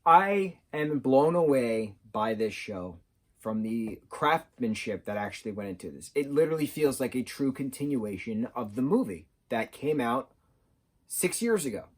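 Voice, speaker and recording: An eager man talks through a show he loves in a loose, rambling review. He trips over his words, corrects himself and piles on fillers. His voice sits at an ordinary middle pitch. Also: very animated, normal speed. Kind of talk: casual review monologue.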